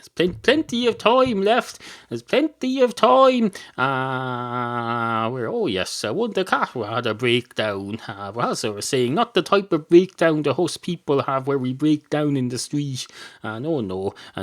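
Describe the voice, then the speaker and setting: An Irish man hosting a podcast, spinning a meandering comic tale full of fillers and swearing. His pitch moves a great deal, from low muttering asides to sudden high bursts. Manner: digressive, deadpan, sweary, many fillers. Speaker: podcast host. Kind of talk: rambling comic storytelling.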